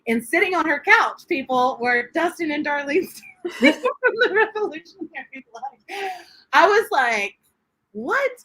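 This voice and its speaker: A woman, a guest sharing her faith testimony in an interview, animated and quick to laugh as she acts out what people said. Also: high-pitched, poor audio. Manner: animated storyteller, laughs often, acts out quotes.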